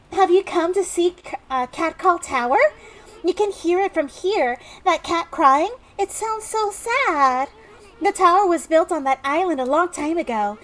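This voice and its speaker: A woman voicing a sweet little girl in a video game, high and nasal, telling a sad story in a wistful way. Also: a bit bright, exaggerated voice.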